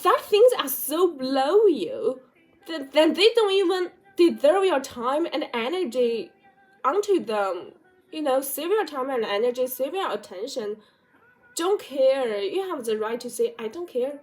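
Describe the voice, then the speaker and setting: A woman vlogger with a high, very animated but unhurried voice gives direct motivational life advice to the camera. She asks rhetorical questions repeatedly, using non-native English phrasing.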